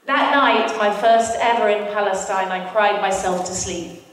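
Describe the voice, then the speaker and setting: A British woman giving a personal testimony talk as guest speaker, a lively storyteller who acts out the voices of the people in it. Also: mid-range voice, measured pace. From Britain. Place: large hall, mosque event. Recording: echoey hall from far off.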